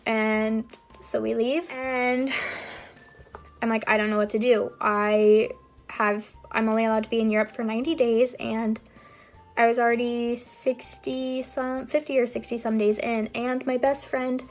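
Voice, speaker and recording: A woman's voice: fairly high pitch, flat delivery, a little slow, faint music behind. A young woman vlogging, telling a personal story in a casual, rambling way with frequent fillers. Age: young adult. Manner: chatty, rambling with frequent ums and likes.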